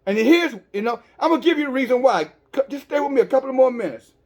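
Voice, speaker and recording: High-voiced man preaching emphatically. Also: expressive, quick pace, a little mellow. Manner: emphatic, with frequent stammered restarts; addresses listeners directly with rhetorical questions. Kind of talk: online sermon.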